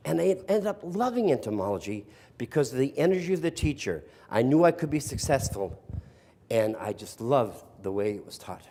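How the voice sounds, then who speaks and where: Animated sarcastic older man telling stories. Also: mid-range voice, a little fast. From US East Coast. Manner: sarcastic, animated storyteller who asks the audience questions. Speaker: speaker addressing teachers. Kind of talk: storytelling workshop talk. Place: room with a live audience.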